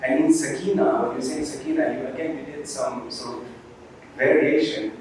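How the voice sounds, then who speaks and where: A man's voice: medium pitch, fairly even intonation, normal speed, darkish tone, slight background noise. A man hosting and judging a recitation contest, giving encouraging feedback full of religious phrases. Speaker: competition host and judge. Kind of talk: live event judging feedback. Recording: echoey hall from far off.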